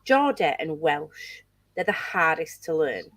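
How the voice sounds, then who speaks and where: A woman's voice: low-pitched, very animated, measured pace, a bit bright, no echo. A woman hosting a casual chat with friends, teasing and laughing often. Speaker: channel host.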